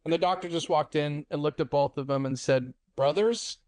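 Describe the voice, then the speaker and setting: A man co-hosting a podcast, telling family stories in a lively, laughing way. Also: fairly high pitch, normal speed, no echo, studio quality. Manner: animated, laughing storyteller. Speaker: podcast co-host. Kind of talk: casual storytelling chat.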